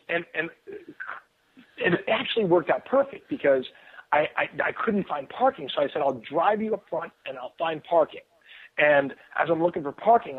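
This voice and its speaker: Calling in to a radio program, a male guest author spins a casual yarn at a fast, loose clip. His high, husky, thin voice crackles through a tinny phone connection, and his excited, wandering delivery is full of false starts and filler words.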